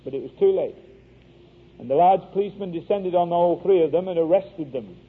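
A man's voice: sits high, a little fast, husky. A man preaching a sermon, earnest and wry, telling an anecdote to make his point. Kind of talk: sermon with storytelling. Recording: tinny phone-like radio broadcast.

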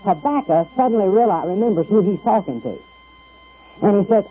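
A man preaching a radio sermon in a conversational way, with hesitant restarts and lively quoted voices. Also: high voice, brisk, breathy edge. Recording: tinny phone-like radio broadcast with faint music.

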